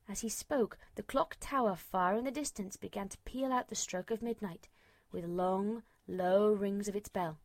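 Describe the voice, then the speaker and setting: Expressive woman reading a storybook. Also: mid-range voice, normal speed, no room sound. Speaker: narrator.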